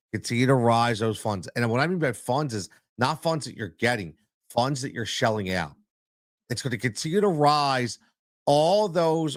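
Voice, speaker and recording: A man's voice: mid-range voice, a bit bright, no room sound. A man hosting a solo podcast as a youth coach, talking in a blunt, emphatic way and repeating his points for stress into a close mic. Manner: blunt, plain-spoken.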